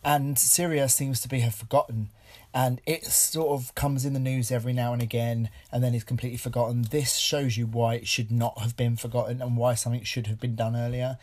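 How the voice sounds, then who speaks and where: A man hosting a film podcast, speaking earnestly and haltingly with many pauses, audibly moved. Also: mid-range voice, little pitch movement, a little mellow. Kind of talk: casual film review podcast.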